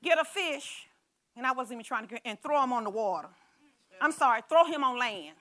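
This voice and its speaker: A woman preaching to her congregation, talking in a loose, animated way with asides and stories. Her voice sits high and has a bright ring to it. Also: fairly quick. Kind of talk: sermon.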